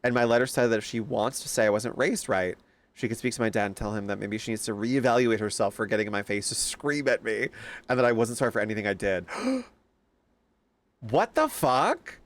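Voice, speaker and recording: A young man streaming a game, casually reacting to chat and telling animated stories with plenty of swearing. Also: lowish voice, fast.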